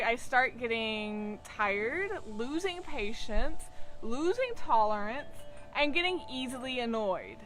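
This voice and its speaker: A woman, a tantra teacher, telling a personal example in slow, unhurried casual chat. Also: on the high side, expressive, a bit bright, faint music behind.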